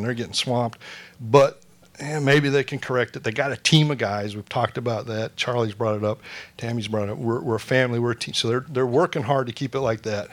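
A man preaching a sermon in church, mixing quick jokes with plain teaching and dropping to a soft, hushed voice when he prays. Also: medium pitch. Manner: joking asides, drops to a soft hush for prayer. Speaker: pastor.

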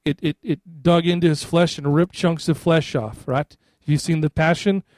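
A man's voice: fairly high pitch, fairly even intonation, normal speed, a little mellow, no echo, clean studio sound. A middle-aged man, a pastor, preaching a sermon in a loose, conversational way, often checking in with the congregation. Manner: conversational, repeats "right?" to the congregation.

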